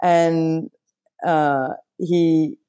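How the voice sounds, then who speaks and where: A woman telling a personal story as an interview guest, chatty and expressive, with frequent fillers and restarts. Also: low-pitched, extremely slow, smooth. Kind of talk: casual storytelling in a conversation.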